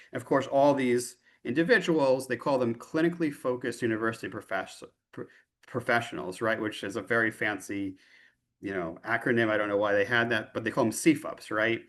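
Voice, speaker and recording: Male union leader, mid-pitched, lecturing chattily on a video call with frequent tag questions. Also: fairly quick, fairly bright tone. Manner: loose and chatty, often checking in with a tag question.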